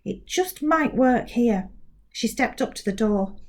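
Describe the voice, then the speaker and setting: A woman teacher reading a children's book aloud, slow and clear. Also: fairly high pitch, lively intonation.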